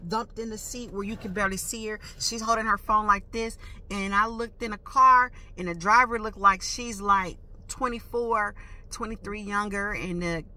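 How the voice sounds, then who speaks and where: A woman vlogger telling a story in a casual, animated way, full of emphatic slang and sound effects like "boom" and "whoop.". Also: moderate pace, slight background noise.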